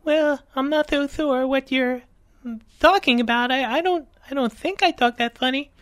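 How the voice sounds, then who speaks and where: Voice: sits high, normal speed, a bit bright, no room sound, studio quality. Someone doing a timid stammering kid. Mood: unsure. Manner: hesitant, stammering.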